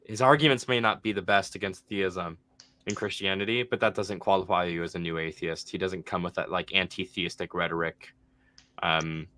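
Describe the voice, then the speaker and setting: A man hosting a casual debate review, animated with quick asides. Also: low voice, no room sound. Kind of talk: casual chat.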